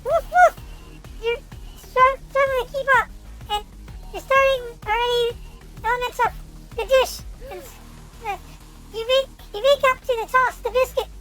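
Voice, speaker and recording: A young woman streamer reads a game's text aloud in a very high, girlish voice. She stumbles over words and bursts out in excitement as she comments. Soft music plays faintly underneath. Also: normal speed, long pauses, rough recording. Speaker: VTuber streamer.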